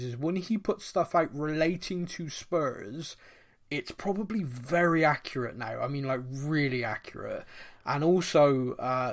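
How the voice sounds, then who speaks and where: A man co-hosts a relaxed podcast chat with a fairly high voice. He talks in an animated way, laughs often and drops into quick mock voices. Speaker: podcast co-host. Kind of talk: casual chat.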